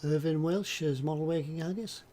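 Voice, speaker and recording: A man's voice: on the high side, normal speed, warm tone. An older man hosting a live stream, chatting casually and hesitantly as he reads out viewer comments. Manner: rambling, hesitant, lots of ums and restarts. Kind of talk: casual chat while reading viewer comments.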